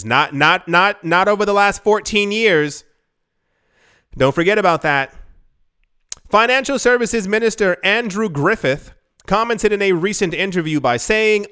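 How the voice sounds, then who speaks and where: A man with a fairly high, smooth voice talks through the news as host of his own channel. He is excitable, sarcastic and full of filler words. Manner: excitable, sarcastic, says "like" often. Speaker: show host. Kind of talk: casual news commentary.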